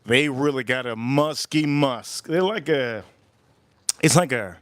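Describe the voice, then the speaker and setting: A man's voice: medium pitch, takes it slowly, very noisy. A man hosting a cigar review livestream, chatting casually and rambling, repeating his phrases and acting out the voices of people he quotes. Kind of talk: casual rambling live-stream chat. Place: Miami.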